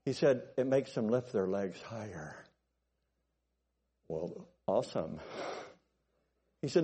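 Male preacher, sermon, mellow dark tone, animated, asks the congregation questions. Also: takes it slowly, long pauses, slightly rough. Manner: animated, swings from loud bursts to low asides; keeps checking in with the congregation. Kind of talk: sermon with storytelling.

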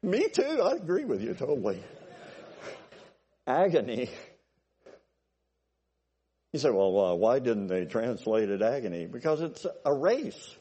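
Conversational preacher in a reverberant hall. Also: male voice, mid-range voice, big pitch swings, unhurried, long pauses, dark tone, husky. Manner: conversational, repeats himself, asks the congregation if they follow. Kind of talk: sermon.

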